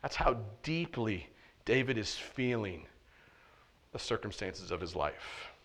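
Slow and very animated, this fairly low-voiced male pastor delivers a conversational, emphatic sermon. He keeps asking "right?" and shifts between loud, intense passages and hushed asides.

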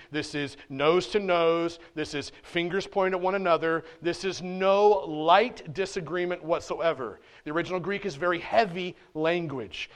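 A man preaching a sermon in church, animated and conversational, with casual slang. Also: high-pitched. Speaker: pastor.

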